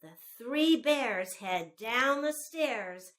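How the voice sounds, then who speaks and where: A woman describing the pictures in a children's story in a plain, measured way. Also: a little high, animated, a bit bright, faint music behind.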